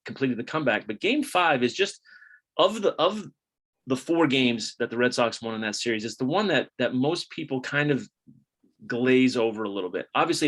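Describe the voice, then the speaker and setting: Middle-aged man, mid-pitched, casual storyteller on a video call, chatty with restarts. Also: a bit bright. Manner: conversational, chatty, many restarts. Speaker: author giving a talk. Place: home, indoors.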